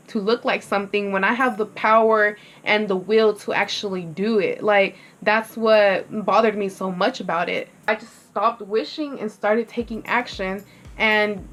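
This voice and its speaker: In this casual get-ready-with-me clip, a young woman vlogger rambles candidly through her story, peppering it with "like" and plenty of swearing. Her voice sits at a medium pitch and sounds slightly bright.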